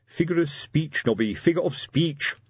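A man's voice: fairly high pitch, animated, normal speed, slightly rough, no echo, lo-fi sound, pitched above the performer's own voice. A man playing Colon, a pompous, fussy sergeant. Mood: grave. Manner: fussy, lecturing, hesitant. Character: pompous middle-aged male police sergeant.

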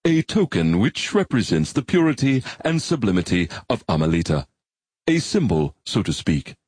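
A man's voice: fairly low pitch, sing-song, normal speed, darkish tone, breathy edge, dry recording, voice pushed up. A man voicing a formal, pedantic male robot that speaks in a stilted, precise way. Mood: solemn.

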